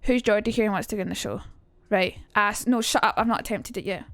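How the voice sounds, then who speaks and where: A woman's voice: mid-range voice, fast talker. A woman streamer chatting casually and rambling as she reacts to her chat during a live stream, speaking into a streaming mic.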